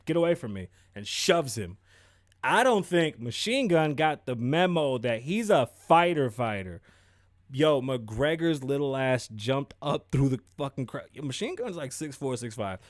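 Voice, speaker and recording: A young man hosting a podcast, giving animated, profane sports commentary and mocking people in put-on voices. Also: mid-range voice, a little slow, no echo, studio quality. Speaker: podcast host. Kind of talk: casual commentary.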